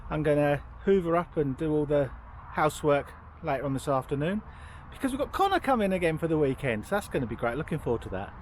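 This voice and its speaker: A man's voice: a little high, lively intonation, fast, a little hiss or hum. A middle-aged man bantering cheekily in a casual vlog. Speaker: vlogger. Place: outdoors by a narrowboat.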